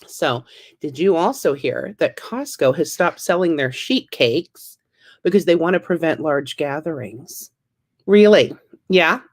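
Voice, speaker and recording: Wry, self-deprecating woman comic. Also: on the low side. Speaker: stand-up comedian and teacher. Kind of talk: stand-up comedy set.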